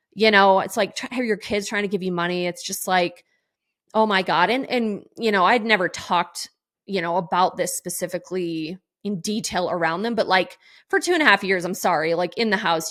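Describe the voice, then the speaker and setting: A woman's voice: mid-range voice, a bit bright. A middle-aged woman hosting a podcast, talking candidly and emotionally, rambling with lots of fillers and restarts. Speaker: podcast host. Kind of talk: candid personal monologue.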